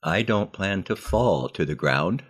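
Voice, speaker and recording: A man reading a defiant grown male friend, deep voice, firm, dismissive, storybook. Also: expressive, unhurried, husky, full character voice. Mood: stubborn. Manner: firm, scornful.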